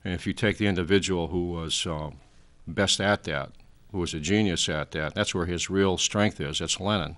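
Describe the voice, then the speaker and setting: Deep-voiced older man lecturing. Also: moderate pace, hardly any pauses, fairly bright tone. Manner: rambling lecturing; frequent fillers, trailing off. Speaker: guest. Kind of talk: talk show interview.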